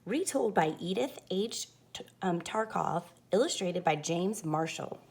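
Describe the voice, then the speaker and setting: A woman teacher reading a fairy-tale picture book aloud in an expressive way. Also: fairly low pitch, a little slow. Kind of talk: storybook read-aloud.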